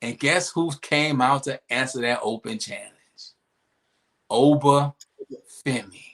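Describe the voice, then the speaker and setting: A young man co-hosting a podcast, recapping wrestling in lively casual chat with playful asides. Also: medium pitch, unhurried. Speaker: podcast co-host.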